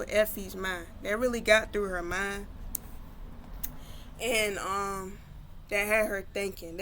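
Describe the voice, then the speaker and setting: A woman's voice: medium pitch, a bit bright, slight background noise. A woman casually retelling her own story, loose and conversational with many fillers.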